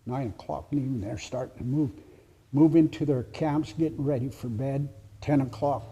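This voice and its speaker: Gravelly, husky male storyteller. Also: mid-range voice, dark tone. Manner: dramatic pauses, drops to whispers for suspense. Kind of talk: live oral storytelling. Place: heritage center presentation.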